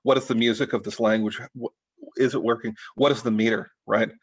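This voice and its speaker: A middle-aged man leading an informal writing workshop, talking in a halting way with many restarts and fillers. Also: fairly low pitch, fairly even intonation, husky, poor audio. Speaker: writing teacher.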